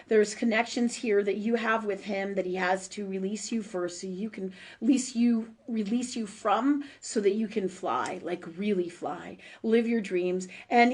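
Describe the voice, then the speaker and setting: Rambling, emotional woman medium on a live stream. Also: mid-range voice. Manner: emotional, warm-hearted, rambling with many fillers and restarts; blunt, swears freely. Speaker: spiritual medium hosting a live call-in show. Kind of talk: casual live-stream readings for viewers.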